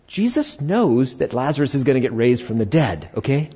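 A man preaching a sermon as pastor, switching between loud emphatic lines and quiet, soft-spoken passages. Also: mid-range voice, very animated, moderate pace, slightly rough, dull audio. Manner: swings from loud emphasis to hushed, soft asides.

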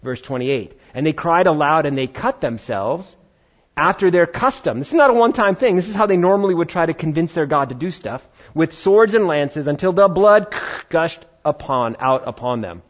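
A man preaching a sermon, retelling a Bible story with lively acted-out voices. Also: fairly high pitch, moderate pace, highs cut off. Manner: animated storytelling, acting out biblical voices. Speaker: pastor.

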